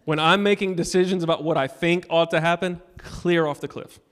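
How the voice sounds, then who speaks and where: A male pastor giving a sermon, telling a personal story and urging the congregation, moving between loud appeals and hushed moments. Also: a little high, fairly even intonation, brisk. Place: church sanctuary.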